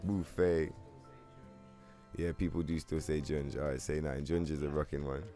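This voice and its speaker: A man's voice: a bass voice, little pitch movement, moderate pace, mellow, faint music behind. A young man from London with a London accent, chatting casually on a gaming stream in loose slangy banter, answering his chat and swearing freely.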